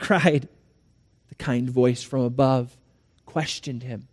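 Male pastor, sermon, high voice, slow pace, church sanctuary, long hall reverb. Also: a little mellow. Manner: storytelling with dramatic swings in volume.

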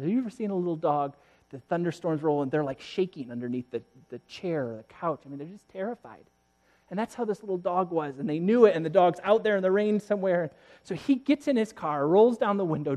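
Storytelling pastor, a man swinging soft to loud. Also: on the high side. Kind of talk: sermon.

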